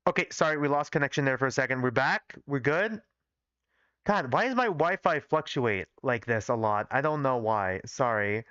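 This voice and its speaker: Reading his old fanfiction aloud on a livestream, a young man rambles, uses fillers, and picks apart his own writing. His mid-range voice is animated, a bit bright, clear, and resonant at a moderate pace, in a lo-fi recording with no echo.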